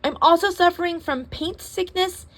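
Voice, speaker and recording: A woman voicing a fretful, dramatic hypochondriac creature who panics over every little thing, with shrill exaggerated alarm. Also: moderate pace, a bit bright. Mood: panicky.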